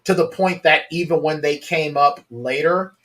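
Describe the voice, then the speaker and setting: Chatty man host, slightly high voice. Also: normal speed. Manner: animated, quotes scenes in low voices, laughs often. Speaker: podcast host. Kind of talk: casual reaction chat.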